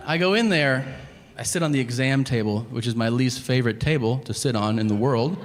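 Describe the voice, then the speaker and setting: A man's voice: medium pitch, expressive, a little fast. A man doing a stand-up set, telling a self-mocking, profane story and acting out both sides of a conversation. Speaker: stand-up comedian. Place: theater stage before a laughing audience. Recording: live hall with reverb and crowd noise.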